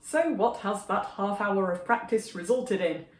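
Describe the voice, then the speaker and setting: A woman's voice: medium pitch, lively intonation, measured pace. A woman making a casual music vlog, talking in a dry, self-deprecating way. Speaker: vlogger.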